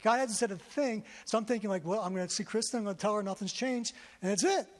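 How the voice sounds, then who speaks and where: A man's voice: high voice, fast talker. A man preaching a sermon to a congregation, telling his story with feeling and often repeating himself. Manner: emotional storytelling, repeats words. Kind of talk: sermon testimony. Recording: long hall reverb.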